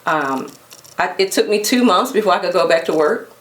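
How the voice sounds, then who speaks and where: Casting: woman with a lowish voice, earnest and advising, recorded from a distance in an echoey room. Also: animated, normal speed. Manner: earnest, gently advising, with restarts. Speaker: guest sharing her story. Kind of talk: personal testimony.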